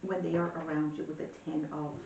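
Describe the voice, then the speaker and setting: A woman's voice: brisk, far from the mic, highs cut off. Chatty woman reading tarot, echoey room. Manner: chatty, animated storytelling with frequent fillers. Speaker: tarot reader. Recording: echoey room, voice a bit off-mic, faint rumble.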